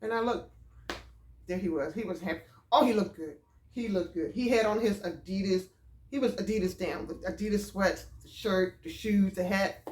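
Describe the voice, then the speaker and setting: A woman telling a storytime vlog about a date, animated and exclaiming as she goes. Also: medium pitch, moderate pace, a little hiss or hum. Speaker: vlogger. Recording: roomy echo.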